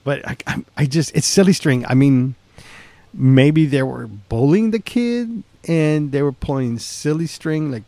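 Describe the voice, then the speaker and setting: A man's voice: on the high side, a little slow, dark tone, no room sound. Man, podcast co-host, casual chat, rambling, laughs a lot, dry mic. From San Antonio, Texas. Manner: laid-back, rambling, laughs often.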